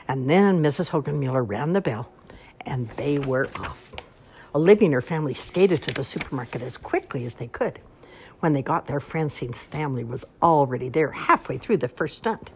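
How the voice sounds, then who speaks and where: An older woman reading a children's story aloud in a lively, expressive way, with a husky voice. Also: rumbling low, a little fast.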